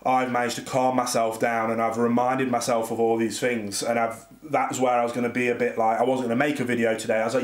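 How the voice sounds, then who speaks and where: A man's voice: medium pitch, level tone, fast, hardly any pauses. A man, a dog trainer, rambling candidly and venting frustration in a casual vlog, recorded in his home office on a camera across the room. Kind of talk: casual reflective vlog monologue. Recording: roomy echo.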